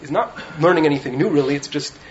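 In a yeshiva study hall, a rabbi gives students an animated Torah talk in a slightly raised, somewhat high voice, speaking fast and often checking in with "right?". The lo-fi recording is muffled, with faint noise underneath.

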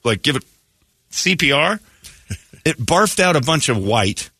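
Animated man telling comic stories. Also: on the high side, a little slow, dry recording. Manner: animated storytelling with laughs and acted-out voices. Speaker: morning radio host. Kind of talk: comedic morning radio talk.

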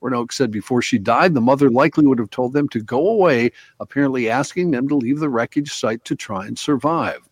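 Husky man reading news on talk radio. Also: medium pitch, brisk, hardly any pauses, dry recording. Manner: reads news items then chats loosely. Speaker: radio show host.

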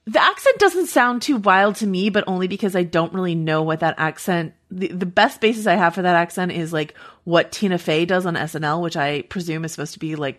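A woman co-hosting a podcast in casual chat, talking with lots of fillers and restarts. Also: fairly low pitch. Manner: chatty, many fillers and restarts. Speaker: podcast co-host.

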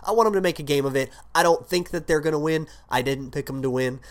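Sounding sick, a man hosts his own solo sports podcast and talks loosely, rambling with many fillers and restarts. His voice is on the high side and he talks fast.

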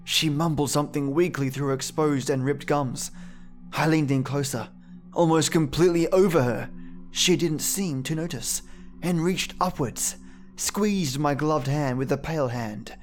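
A man reading a first-person horror story aloud in a measured, somber way. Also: on the high side. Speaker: narrator. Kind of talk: scripted horror narration. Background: faint music.

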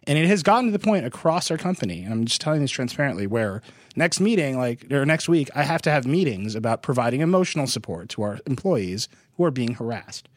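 A blunt, emphatic man hosts a podcast, his words coming out in forceful, declarative bursts. His pitch sits in the middle range. The close studio mic is dry, with no room sound. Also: sing-song, quick pace, no echo. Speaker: podcast host and media editor. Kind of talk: casual podcast discussion.

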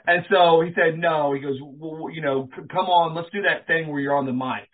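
A former pro wrestler, speaking at normal speed in a voice on the high side, tells wrestling stories as a guest in a casual interview. He's an animated storyteller who acts out the voices of people he quotes and swears casually, heard over a tinny, phone-like line.

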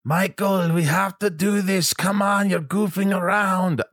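A lovable little old Frenchman, fussy and warm-hearted, urging people on in a high, stretched voice as a man does an impression of him. The sound is close and dry. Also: steady tone, unhurried, dry recording. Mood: coaxing.

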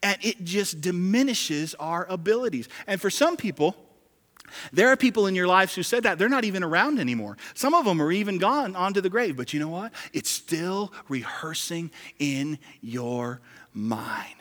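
Bright, forceful preaching pastor. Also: male voice, high-pitched, expressive, fairly quick. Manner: emphatic, swings from loud exclamations to hushed whispers. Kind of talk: sermon. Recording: long reverb of a large hall.

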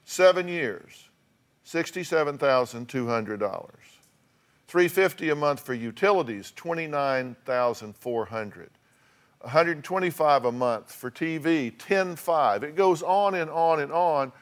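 A man's voice: a little high, animated, measured pace. A man hosting a talk show, bluntly lecturing his guests and repeating points for emphasis. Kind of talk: confrontational counseling.

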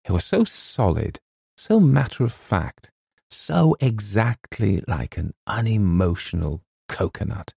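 Deep gravelly male storyteller. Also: very animated, warm tone, no room sound, clean studio sound. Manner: measured storytelling. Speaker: audiobook narrator. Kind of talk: scripted narration.

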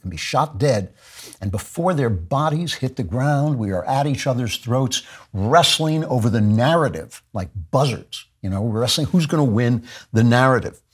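A man's voice: medium pitch, husky. A man hosting a political talk show, delivering an intense, impassioned monologue, repeating himself and stumbling over his words.

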